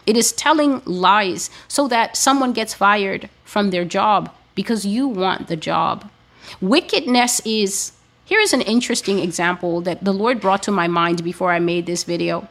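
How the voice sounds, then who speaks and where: Slow, emphatic woman preacher. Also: medium pitch. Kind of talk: teaching sermon.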